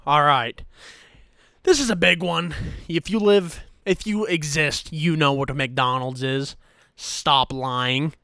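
A man's voice: fairly high pitch, a bit bright, clean tone, no room sound, studio quality. A young man doing a profane, exasperated comedic rant as a YouTuber, talking to his own channel. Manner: profane, exasperated, mock-furious. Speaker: YouTuber ranting to camera.

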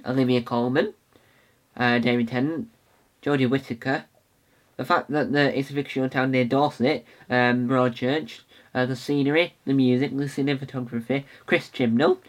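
A young male podcast host talking on his own in an easy, unscripted way. He rambles eagerly, stumbling over restarts and filler words, with a voice of ordinary middle pitch. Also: a bit bright. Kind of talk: casual solo podcast talk.

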